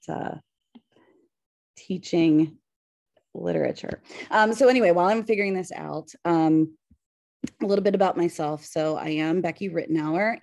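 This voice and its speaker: A woman's voice: deep voice, gravelly, a little mellow, no room sound. Hesitant woman with a Pittsburgh accent. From western Pennsylvania. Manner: hesitant, many fillers, nervous laughs. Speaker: high school English teacher presenting. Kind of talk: webinar presentation. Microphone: video call.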